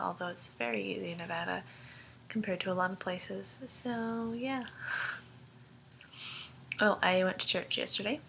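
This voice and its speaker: A young woman with a mid-range, slightly bright voice vlogs casually to her friends. She rambles, giggles between thoughts, and fills her speech with ums and likes, over a little hiss or hum.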